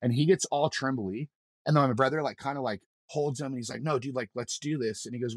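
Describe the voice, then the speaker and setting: A man's voice: medium pitch, fast talker, dry recording, clean studio sound. A man, a mountain guide on a podcast, telling a story in a loose, rambling way, full of swearing and restarts. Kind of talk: casual storytelling in an interview.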